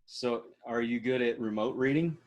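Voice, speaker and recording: A man's voice: medium pitch, moderate pace, a little mellow. Easygoing joking man host. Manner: easygoing, joking, laughs often. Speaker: podcast host. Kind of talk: casual interview chat.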